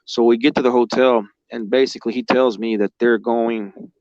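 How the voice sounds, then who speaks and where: A man's voice: medium pitch, fairly even intonation, moderate pace, darkish tone, no room sound, muffled recording. A man telling his own story as a guest, rambling and emotional, swearing heavily and filling gaps with "like". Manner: heavy swearing, rambling, emotional, with lots of fillers like "like". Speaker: guest recounting experiences. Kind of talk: casual spoken storytelling.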